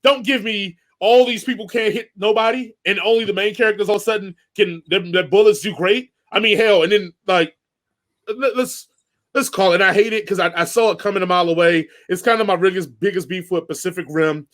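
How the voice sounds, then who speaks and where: Man, high-pitched, animated ranting, casual podcast chat, swears. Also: a little fast. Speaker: podcast co-host. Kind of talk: casual movie review chat.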